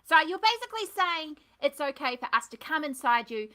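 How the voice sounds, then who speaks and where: A woman's voice: sits high, big pitch swings, brisk, bright, forceful tone. A woman with a New Zealand accent playing a tabletop game, rambling in a chatty, playful way. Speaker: player. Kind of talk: casual tabletop play.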